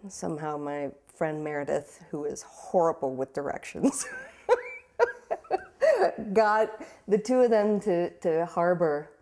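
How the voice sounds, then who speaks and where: Young woman, slightly low pitch, personal testimony, halting and emotional but steady. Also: a little hiss or hum. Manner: halting, repeats words while searching for them. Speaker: interviewee. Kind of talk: personal storytelling.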